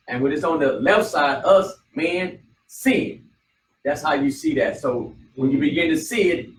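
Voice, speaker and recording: A man leads a class, his voice sitting a little high for a man. He talks from some distance away from the microphone, in an echoey room with a faint hum of ambience behind him. He keeps repeating points and checking with the class as he goes. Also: fairly bright tone. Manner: repetitive, prompting the class with questions. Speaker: bible study teacher. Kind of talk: classroom teaching. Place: study hall room.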